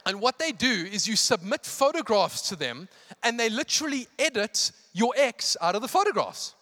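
A man's voice: very high voice, big pitch swings, normal speed, pushed and bright. A man preaching an evening church sermon, emphatic and impassioned, repeating phrases for effect. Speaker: pastor. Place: church hall. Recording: long hall reverb.

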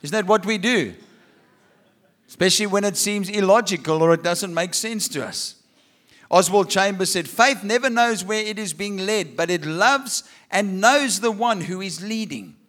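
A man's voice: sits high, normal speed, a bit bright. A man preaching a sermon, reading scripture and asking rhetorical questions with humorous asides. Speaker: pastor.

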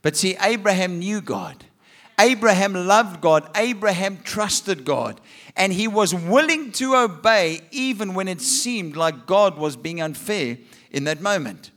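A man's voice: high voice, lively intonation, measured pace, fairly bright tone. A man preaching a sermon, reading scripture and asking rhetorical questions with humorous asides. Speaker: pastor.

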